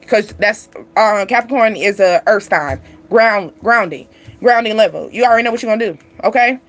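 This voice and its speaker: A woman giving a casual, animated tarot reading, laughing often and speaking straight to her viewers. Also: mid-range voice, normal speed. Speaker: tarot reader. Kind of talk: livestream card reading.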